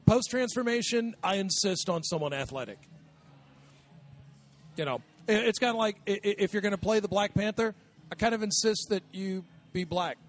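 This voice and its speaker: A man's voice: high voice, moderate pace. A man in a casual podcast chat, giving firm opinions. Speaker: podcast co-host.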